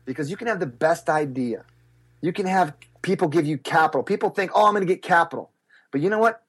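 A man, a speaker and business coach, telling animated stories in an interview and acting out the voices of others. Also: a little high, fast talker, breathy edge. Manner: acts out voices and gasps, lively and expressive. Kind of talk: animated storytelling in a podcast interview.

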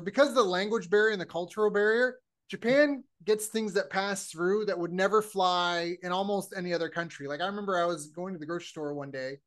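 A man from Canada hosting a podcast, telling stories in a lively way and acting out the voices of people he quotes. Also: high-pitched. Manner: animated storyteller, acts out quoted voices. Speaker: podcast host. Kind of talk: casual chat.

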